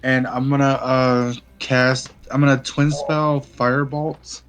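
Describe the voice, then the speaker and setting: A man's voice: mid-range voice, little pitch movement, slow pace, slight background noise. Hesitant man playing a tabletop game. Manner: unsure, hesitant. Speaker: player.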